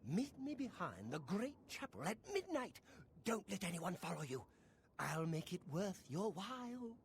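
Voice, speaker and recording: An actress voicing a secretive townswoman in a fantasy video game, speaking in a hushed, conspiratorial way. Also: fairly low pitch, very animated, normal speed, vocal fry, slight background noise.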